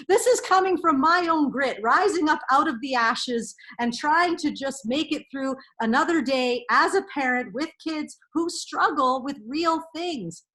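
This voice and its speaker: A woman's voice: high-pitched, animated, moderate pace, few pauses, a bit bright. A middle-aged woman counsellor giving an earnest, emphatic motivational talk to parents, repeating key phrases.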